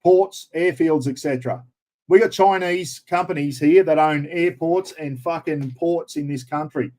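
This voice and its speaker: Australian male livestream host, middle-aged, blunt and sweary, fairly high voice for a man, fired-up political rant. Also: measured pace, darkish tone.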